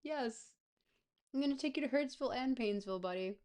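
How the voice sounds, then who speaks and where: A woman giving casual, playful gameplay commentary as a streamer, thinking out loud as she goes. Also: on the high side, a little fast. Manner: playful, thinks aloud, chatty.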